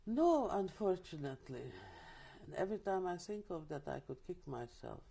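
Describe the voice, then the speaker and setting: Older woman, mellow voice. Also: lowish voice, big pitch swings, normal speed, gravelly, husky. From Czechoslovakia. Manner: vivid storytelling with restarts and asides. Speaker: interviewee, Holocaust survivor. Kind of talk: oral history testimony.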